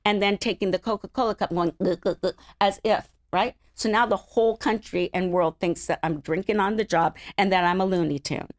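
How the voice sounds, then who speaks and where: A middle-aged woman from the Los Angeles area, an interview guest telling stories in an animated, laughing way. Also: medium pitch, a little fast, few pauses, no echo, clean studio sound. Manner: animated, laughing, acts out other people's voices. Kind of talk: casual storytelling chat.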